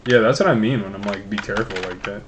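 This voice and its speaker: A man's voice: on the low side, fast, a little hiss or hum. Profane rambling young man. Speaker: podcast co-host. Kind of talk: casual chat while gaming.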